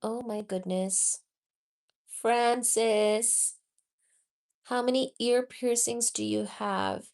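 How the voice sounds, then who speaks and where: A woman's voice: on the high side, steady tone, very slow, vocal fry, pauses often, darkish tone. A woman hosting a live physics study stream, explaining loosely with lots of "you know" and greeting viewers one by one from the chat. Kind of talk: casual livestream teaching and chat reading.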